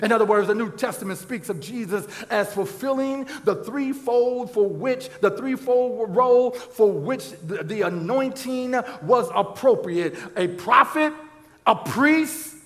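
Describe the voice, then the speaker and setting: A pastor preaching a sermon, with constant "uh, uh" restarts and bursts of shouted emphasis. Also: male voice, extremely high pitch, animated, a little slow. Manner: stammering restarts, strings of "uh, uh, uh". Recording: long hall reverb.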